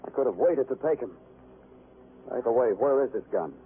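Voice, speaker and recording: A man's voice: mid-range voice, lively intonation, normal speed, close to an everyday voice. An actor playing a brooding male detective who narrates in terse, hard-boiled lines, in a 1950s radio drama. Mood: gloomy. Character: brooding, self-reproaching male city detective. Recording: tinny old radio broadcast with clear hiss.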